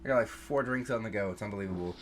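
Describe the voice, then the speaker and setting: A man's voice: lowish voice, very fast, crowd noise. A Canadian man hosting a tabletop game as game master, talking in a chatty, rambling way with lots of restarts.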